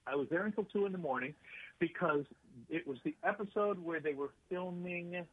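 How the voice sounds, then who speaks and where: A man's voice: high voice, moderate pace, husky. Man telling rambling stories over a tinny line. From United States. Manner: rambling storyteller, many fillers and restarts. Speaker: actor and writer, guest. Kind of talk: casual interview anecdotes.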